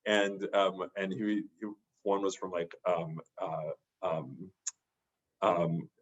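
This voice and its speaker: A man's voice: sits low, little pitch movement, takes it slowly, lo-fi sound. A man, a therapist, telling a personal story in a casual, rambling way with many restarts. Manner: rambling, full of restarts and fillers. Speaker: podcast guest, therapist.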